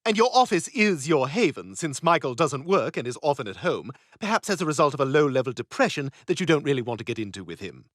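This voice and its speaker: A man's voice: a little high, very animated, fast talker, hardly any pauses, fairly bright tone, no room sound, clean studio sound. An actor voicing a snobbish, catty toddler boy who talks in a pompous, sarcastic way. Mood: smug.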